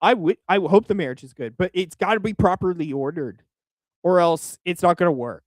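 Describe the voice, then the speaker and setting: Brisk and high-voiced, a young streamer from Oklahoma restarts often while delivering crude, exasperated commentary on a video. There's no room sound.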